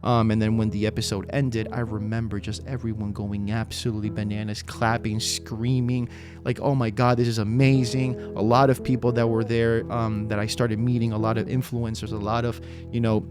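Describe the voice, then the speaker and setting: A man recounting an event in a casual vlog, excited and rambling, with lots of "you know" and "uh". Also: fairly low pitch, normal speed, music in the background. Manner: acts out quotes, whispers an actor's lines. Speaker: video creator recounting an event.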